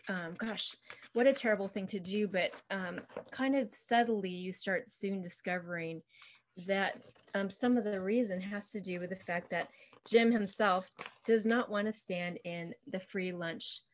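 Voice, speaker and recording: A woman's voice: medium pitch, slight background noise. Chatty woman author, lots of "um". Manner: chatty, lots of "um" and "you know". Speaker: children's book author. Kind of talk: casual interview, retelling a story.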